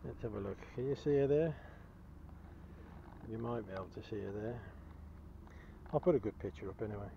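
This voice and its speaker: A cheerful man with a fairly low voice gives chatty, chuckling commentary while metal-detecting outdoors in a field. The recording is dull and lo-fi, with a faint hiss of open air behind him. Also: brisk, vocal fry, long pauses. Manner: cheerful, chuckling, enthusiastic about finds.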